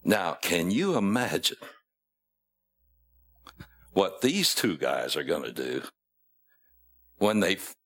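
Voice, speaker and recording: A man's voice: sits low, sing-song, slow pace, long pauses, a bit bright, breathy edge. A man preaching a sermon, retelling scripture in a folksy storytelling way, acting out the quotes and chuckling at his own asides.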